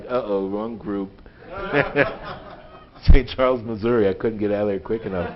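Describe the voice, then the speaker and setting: A man giving a live lecture to a group in a synagogue, chatty and joking, laughing at his own puns. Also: medium pitch. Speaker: guest lecturer. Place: synagogue hall. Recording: dull lo-fi phone recording.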